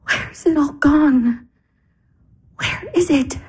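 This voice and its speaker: A woman's voice: high voice, slow, low-quality recording. An actress in her twenties playing a weary, tearful young woman in despair, sighing and weeping. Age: 20s. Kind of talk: stage drama acting.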